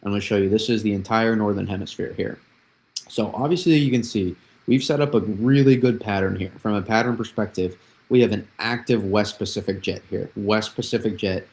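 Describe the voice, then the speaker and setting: A man's voice: fairly low pitch, moderate pace, a little mellow, low-quality recording. A young man hosting a live weather analysis stream, explaining patterns with repeated phrases and frequent restarts. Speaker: weather forecaster, host.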